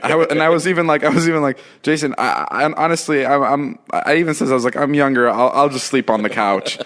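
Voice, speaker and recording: A young man in his twenties hosting a podcast in casual chat. His voice sits at an ordinary middle pitch. He tells stories with lots of swearing and laughter. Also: fairly bright tone. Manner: quick, profane storytelling with laughs. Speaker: podcast host.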